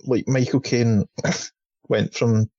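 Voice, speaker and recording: A man co-hosting a podcast, telling film anecdotes in an animated, laughing way. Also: medium pitch, no room sound. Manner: animated, laughing storyteller with quick asides. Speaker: podcast co-host. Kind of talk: casual film chat. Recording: dry, dull lo-fi audio.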